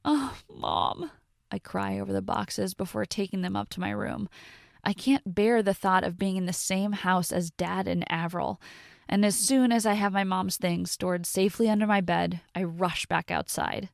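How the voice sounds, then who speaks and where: A woman reading a first-person story in a steady, intimate narration. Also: mid-range voice, normal speed, creaky, no room sound, clean studio sound.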